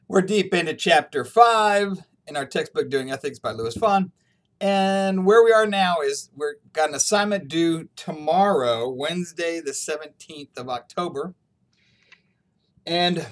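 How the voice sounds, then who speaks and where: A male professor talks his class through a story in a relaxed, chatty online lecture, chuckling often along the way. His voice sits a bit higher than most men's. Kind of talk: casual recorded online lecture.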